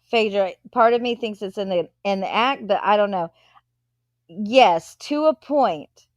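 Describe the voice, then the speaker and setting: A woman's voice: medium pitch, a little slow, no room sound, clean studio sound. A woman hosting a live stream, chatting casually as she reads viewer comments aloud and answers them.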